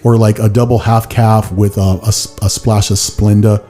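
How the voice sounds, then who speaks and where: A man hosting a podcast tells long, rambling stories in casual chat, leaning on "like" and breaking into goofy put-on voices. His voice sits on the low side, with a mellow, dark tone. Faint music plays underneath. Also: flat delivery, moderate pace. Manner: rambling storyteller, heavy use of "like", slips into silly voices. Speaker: podcast host.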